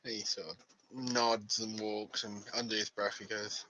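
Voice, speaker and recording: A man's voice: fairly low pitch, little pitch movement, measured pace, sharp tone, slight background noise, low-quality recording. A man playing a tabletop game, speaking hesitantly with many fillers. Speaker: player. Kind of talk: casual tabletop play.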